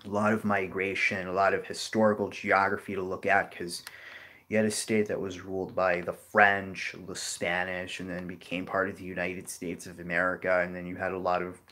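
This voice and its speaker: A man's voice: deep voice, level tone, normal speed, sharp tone. A man hosting a geography lesson, explaining off the cuff in a loose, rambling way full of "you know" fillers. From New Orleans area, Louisiana. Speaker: geography video host. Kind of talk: unscripted explanatory talk.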